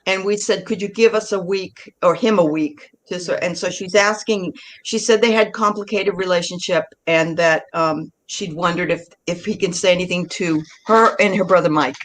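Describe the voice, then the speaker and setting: A woman's voice: lowish voice, moderate pace, hardly any pauses, poor audio. A woman hosting a spiritual talk show, conversational and thinking aloud as she relays messages. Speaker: show host.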